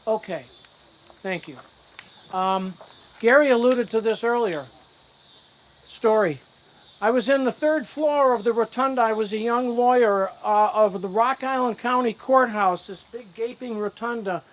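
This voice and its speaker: An older man, his voice very high-pitched and measured in pace, gives a hall of fame acceptance speech at an outdoor ceremony on a disc golf course. He rambles through anecdotes and acts out the dialogue, with a little hiss or hum in the recording.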